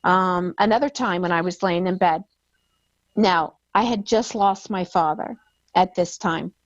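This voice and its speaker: A woman guest telling a personal story, emotional and halting, often repeating her words. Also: on the low side, dry recording. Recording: dull lo-fi sound.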